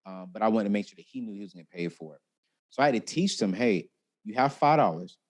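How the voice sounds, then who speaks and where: A talkative man sharing personal finance lessons in an interview. He tells his stories with lively swings in his voice and acts out the people he quotes. His delivery is expressive and easygoing. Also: lowish voice, very fast. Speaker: guest, personal finance expert. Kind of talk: animated interview storytelling.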